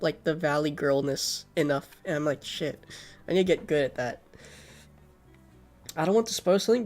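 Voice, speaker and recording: A man streaming a game, reading it aloud and chatting casually, sleepy and yawning, swearing often. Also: high-pitched. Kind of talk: game stream chat and narration.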